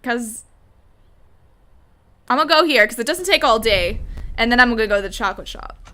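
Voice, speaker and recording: A woman's voice: on the high side, animated, moderate pace, sharp tone. A young woman hosting a let's play, chatting casually with rambling asides while reading through a game.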